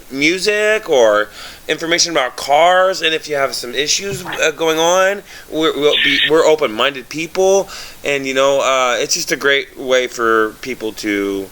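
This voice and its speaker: A man chatting casually as co-host, telling an excited, rambling story with lots of fillers and swearing. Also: a little high, slight background noise. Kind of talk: casual chat.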